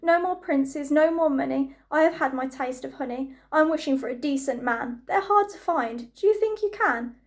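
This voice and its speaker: A woman voicing a spoiled young Cinderella, shrill and demanding, in a storybook reading. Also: normal speed. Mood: dismayed.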